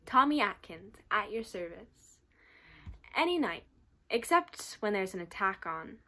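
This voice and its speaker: A woman's voice: medium pitch, sing-song, a little slow, sharp tone, heavily acted. A woman voicing a cheerful weary army orderly. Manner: clipped, chatty, resigned.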